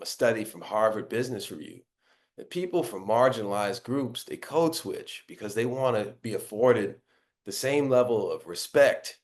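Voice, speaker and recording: A man with a baritone voice, the guest author, answering interview questions earnestly and often asking "right?".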